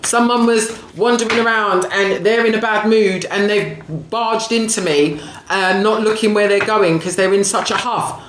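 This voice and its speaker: A woman's voice: mid-range voice, fairly even intonation, moderate pace, hardly any pauses. A woman giving a live-streamed oracle reading, affectionate, calling viewers darling and sweetie, often asking "right?" and laughing as she talks. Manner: laughs often while talking. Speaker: spiritual reader and coach. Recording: echoey room with faint background noise.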